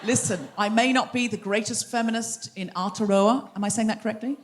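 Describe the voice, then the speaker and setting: A woman's voice: fairly high pitch, heavy background noise. Teasing woman working a live crowd. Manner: teasing, quick banter with the audience. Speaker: comedy podcast host. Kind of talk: live stand-up style crowd work. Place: theatre stage before a live audience.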